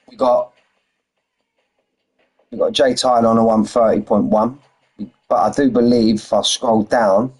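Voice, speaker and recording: A man's voice: on the low side, dark tone, poor audio. A man with a London accent, chatting casually to viewers on a racing game stream, saying "mate" often and reading out lap times. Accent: London English. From London, England. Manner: chatty, says "mate" constantly, reads out lap times and answers chat. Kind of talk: casual live-stream chat. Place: home in Spain.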